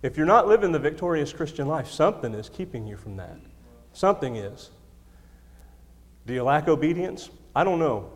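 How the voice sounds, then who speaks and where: A man's voice: fairly high pitch, very animated, normal speed. A man preaching a sermon to his congregation into a microphone, emphatic, repeating key lines, with self-deprecating humor. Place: church sanctuary. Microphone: handheld or stand microphone. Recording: long hall reverb.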